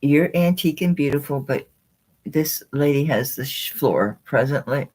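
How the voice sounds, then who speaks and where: Excitable low-voiced woman selling jewelry. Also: normal speed, breathy edge. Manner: chatty, excitable, talks to the jewelry. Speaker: online jewelry seller. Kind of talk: live-stream sales chat.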